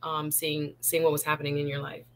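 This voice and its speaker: A woman hosting a casual interview, lively and quick to jump in, with an African American English accent. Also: low-pitched. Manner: lively, interjecting, laughs often. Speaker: show host.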